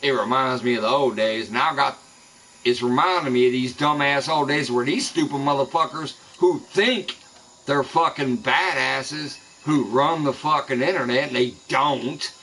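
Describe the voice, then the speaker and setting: He speaks in a bright, forceful mid-range voice at an ordinary pace, and the low-quality recording carries slight background noise. The man is live on stream at his Midwestern home, swearing and raging at those he believes are spreading falsehoods about him.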